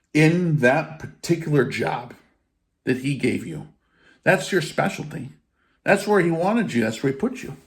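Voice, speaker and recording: A man giving an informal spiritual teaching in a blunt, emphatic way, with casual swearing. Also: a little high. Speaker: faith teacher.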